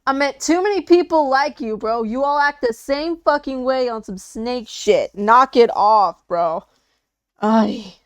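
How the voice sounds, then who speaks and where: A young woman streams casually, her voice sitting high and bright in her range. She rambles in an animated, profane way, and the sound is dry and close with no room around it. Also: unhurried, clean tone, no echo. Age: young adult. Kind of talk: casual reaction chat.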